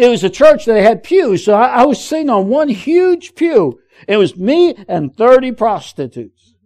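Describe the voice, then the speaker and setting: A man preaching a sermon, telling funny personal stories and calling out to the congregation. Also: sits high. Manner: lively, joking, calls out to the audience. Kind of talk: sermon with humorous storytelling.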